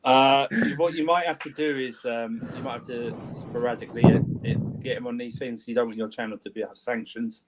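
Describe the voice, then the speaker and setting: A man's voice: mid-range voice, fairly even intonation, fairly quick, hardly any pauses, background noise. A man on a casual stream chat, joking in a dry, hesitant way. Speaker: stream co-host. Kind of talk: casual banter.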